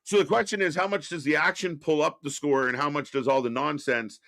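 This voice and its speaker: A man from Canada co-hosting a live wrestling reaction stream, talking in an animated, profane way and laughing often. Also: a little high, gravelly, no echo, clean studio sound. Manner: animated, swearing, quick to laugh. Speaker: co-host. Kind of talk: casual live reaction chat.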